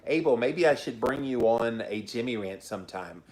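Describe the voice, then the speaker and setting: A middle-aged man with a Southern accent, hosting a casual livestream and answering viewer comments in a chatty, encouraging, slow-spoken way. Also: medium pitch, expressive, a little mellow. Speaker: podcast host reading viewer comments.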